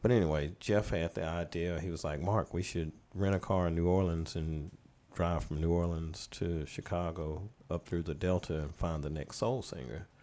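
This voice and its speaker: Man, very low voice, middle-aged, relaxed rambling storyteller, podcast guest. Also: moderate pace, hardly any pauses. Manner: relaxed, rambling anecdotes, laughing as he tells them. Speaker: recording studio owner and producer, guest. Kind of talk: casual storytelling in a podcast interview.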